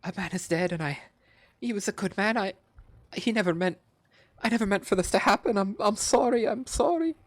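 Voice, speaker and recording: A man voicing a guilt-stricken villager who sobs and rambles out apologies, high and strained above his own voice. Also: brisk, no echo. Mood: sobbing apology. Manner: pleading, rambling, choked.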